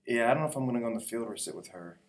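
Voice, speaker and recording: Young guy co-host, playful, mid pitch, echoey room. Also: expressive, rapid-fire, recorded from a distance, noisy background. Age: young adult. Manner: jokey, playful. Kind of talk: casual chat. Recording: roomy echo.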